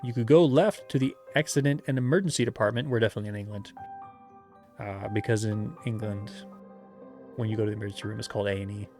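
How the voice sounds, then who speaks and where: A man's voice: fairly low pitch, quick pace, a little mellow, soft background music. Give me a man reading a gamebook aloud with playful, joking asides. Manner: playful, laughing asides while narrating. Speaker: game master reading a gamebook.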